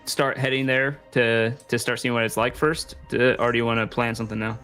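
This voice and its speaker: A man running a tabletop game as game master, easygoing and quick to laugh. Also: medium pitch, little pitch movement, a bit bright, soft background music.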